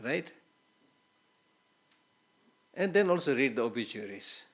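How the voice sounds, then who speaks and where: A man's voice: mid-range voice, very animated, takes it slowly, fairly bright tone. A man giving a Buddhist teaching, telling stories in a conversational way, often repeating words and adding short Hindi asides.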